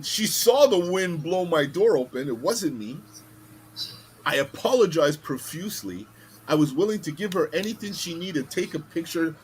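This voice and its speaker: Podcast host, male, casual and animated, swears freely, faint hiss on the track. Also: on the high side. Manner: animated, swearing, acts out voices in stories. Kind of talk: casual storytelling chat.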